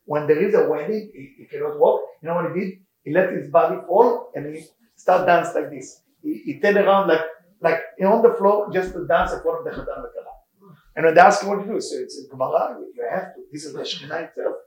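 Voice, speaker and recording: A man leads an informal Torah class, his voice sitting a touch high. He tells stories with lively energy in broken English full of Hebrew words. The sound carries the echo of a reverberant room. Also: fairly quick. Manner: animated storytelling, non-native English with Hebrew terms. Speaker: rabbi teaching a class. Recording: echoey room.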